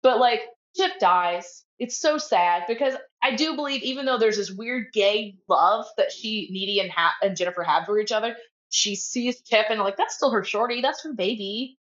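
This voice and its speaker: As guest co-host of a laid-back podcast chat, this woman curses freely and performs movie quotes in put-on voices. She speaks at normal speed in a mid-range voice that is a bit bright, with the highs cut off.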